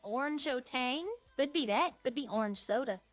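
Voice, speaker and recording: A woman's voice: high-pitched, moderate pace, no echo, soft background music. A woman streaming a roleplay game, chatting casually and jokily to her viewers in a rambling way.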